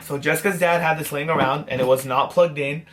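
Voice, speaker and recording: Animated man telling a story. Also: a little high, brisk, noisy background. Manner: animated, self-mocking, swears freely. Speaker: vlogger host. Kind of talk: casual storytelling to camera.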